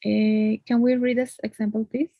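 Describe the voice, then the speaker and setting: In a one-on-one online English lesson, a woman teaches with a fairly high, flat, creaky and mellow voice at normal speed, recorded dry. She explains things patiently, often closing a point with a questioning "no?"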